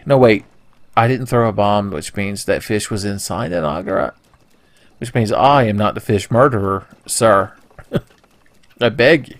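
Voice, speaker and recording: A man's voice: lowish voice, moderate pace, gravelly, dry recording. A young man casually commentating a video game playthrough, joking, swearing and putting on silly voices. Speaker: let's play commentator.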